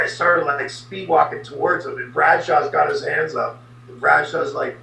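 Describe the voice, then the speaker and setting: Male guest storyteller, very gravelly and pitched a bit high, heard from across a roomy space. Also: moderate pace, recorded from a distance. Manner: animated anecdote teller with sound effects. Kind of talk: storytelling in a podcast interview.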